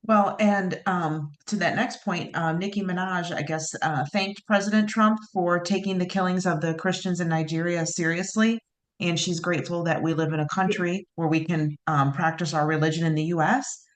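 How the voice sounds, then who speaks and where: A woman co-hosting a podcast in casual chat, measured and hesitant with many ums. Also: on the low side, steady tone. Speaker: podcast co-host.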